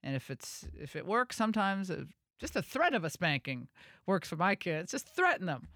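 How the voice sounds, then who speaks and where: A woman hosting a radio talk show, chatting in a casual, animated way with quick asides and restarts. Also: lowish voice, dry recording, clean studio sound.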